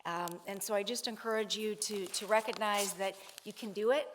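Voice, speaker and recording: A woman addresses a conference audience in an earnest, steady way. She often restarts phrases and fills gaps with "um" and "uh" as she works through her points. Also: medium pitch, normal speed, a little hiss or hum. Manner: earnest, repeats phrases, many fillers. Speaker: conference speaker. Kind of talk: conference panel speech.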